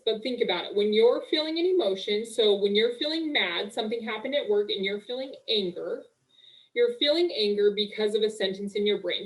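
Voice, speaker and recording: A woman's voice: medium pitch, low-quality recording. Chatty upbeat woman coaching on a webinar. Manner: chatty, upbeat, full of "like" and "okay". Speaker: marriage coach. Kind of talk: live webinar coaching talk.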